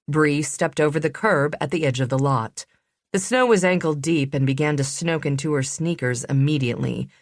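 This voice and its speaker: A woman narrating a suspense audiobook in a measured, even reading. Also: sits low, no room sound, clean studio sound. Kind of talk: scripted narration.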